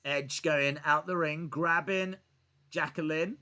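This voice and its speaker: A man calls wrestling action live for his stream, joking and breaking into shouts. His voice is high for a man and very bright, and he swings through a wide pitch range while unhurried between outbursts. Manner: excitable, joking, bursts into shouts. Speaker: streamer hosting a wrestling watch-along. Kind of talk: live reaction commentary.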